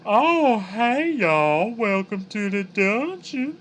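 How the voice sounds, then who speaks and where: A man's voice: high voice, big pitch swings, slow pace, fairly bright tone, slight background noise, voice pushed up, heavily acted. A man voicing a flamboyant eye-stalked jellyfish monster with an effeminate Southern drawl. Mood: gossipy. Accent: Southern US (put on). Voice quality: drawling, effeminate, sing-song.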